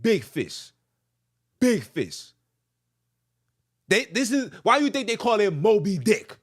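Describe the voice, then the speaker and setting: A man hosting a podcast, animated and ranting, who repeats phrases, jokes and reads a letter aloud. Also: high-pitched, takes it slowly. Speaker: podcast host.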